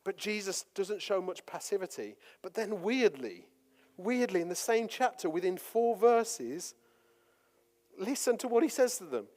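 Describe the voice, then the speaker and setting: A male preacher delivering a sermon, moving between forceful scripture reading and relaxed, chatty asides. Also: high voice, a little slow, long reverb tail. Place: church hall.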